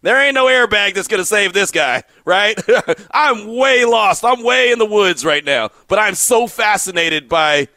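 High, bright-voiced male radio host. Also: a little slow, no room sound, studio quality. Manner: animated, teasing, laughs often. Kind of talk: casual sports radio banter.

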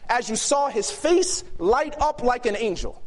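A man preaching a sermon to a youth gathering, emphatic and shifting between loud and hushed delivery. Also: very high-pitched, lively intonation, unhurried. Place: youth camp meeting hall.

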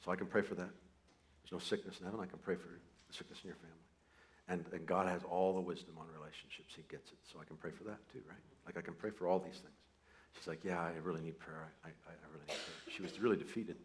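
A man preaching a sermon, telling a personal story, starting soft and building to loud emphasis. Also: low-pitched, fairly even intonation, fast talker. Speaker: pastor.

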